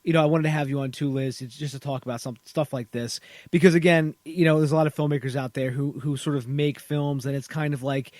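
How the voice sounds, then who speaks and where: Rambling podcast host man, higher voice. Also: fairly even intonation, fast talker, darkish tone, dry recording, studio quality. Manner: rambling, many restarts and "you know"s. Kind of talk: casual interview chat.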